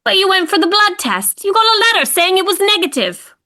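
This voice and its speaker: Distraught young wife, voiced by a woman, high and bright, urgent. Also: expressive, normal speed. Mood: frantic. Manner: urgent, pleading questions. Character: shocked, angry young British wife.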